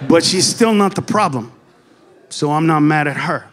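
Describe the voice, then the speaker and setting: Male comedian, stand-up routine, high voice, loud animated storytelling, switches into Spanish. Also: normal speed, heavy background noise. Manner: animated storytelling with bursts of shouting; slips into Spanish phrases. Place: comedy stage before an audience.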